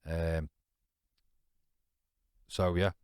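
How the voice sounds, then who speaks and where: Deep-voiced British man telling a blunt story. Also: flat delivery, drawn-out words, a little mellow, smooth, dry recording, studio quality. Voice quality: informal British slang. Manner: blunt, swears freely, keeps asking "you know what I mean"; rambling and restarting with many fillers. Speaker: podcast guest. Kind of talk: candid personal storytelling in conversation.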